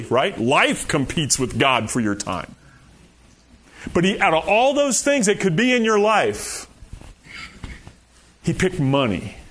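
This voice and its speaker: A man's voice: high voice, fairly bright tone. A man preaching a sermon in a conversational, folksy way, often saying "you know" and chuckling. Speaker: pastor.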